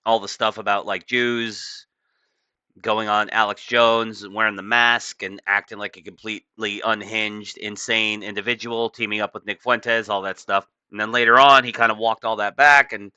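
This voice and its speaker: Casting: male commentator, offhand and rambling, bright forceful tone, dull dry lo-fi recording. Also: lowish voice, flat delivery, a little fast, clean tone, no echo. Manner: offhand, rambling, many fillers. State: just woken up. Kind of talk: casual commentary reading a news article aloud.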